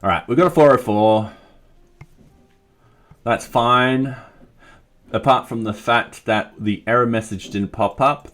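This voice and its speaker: A man's voice: on the low side, a bit bright. A man with an Australian accent, thinking aloud in casual chat while coding on a live stream and reading out chat messages. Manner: thinks aloud, chatty and self-deprecating, reads chat.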